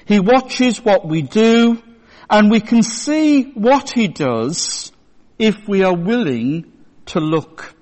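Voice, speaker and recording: Man preaching, high voice, slow measured storytelling, echoey church. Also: big pitch swings, a little mellow. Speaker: pastor. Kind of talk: sermon. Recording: long church reverb.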